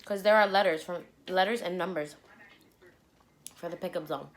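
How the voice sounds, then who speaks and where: A young woman vlogger telling a story to the camera between bites, animated and blunt, with the odd swear word. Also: lowish voice, moderate pace. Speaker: mukbang vlogger. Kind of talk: storytime chat while eating.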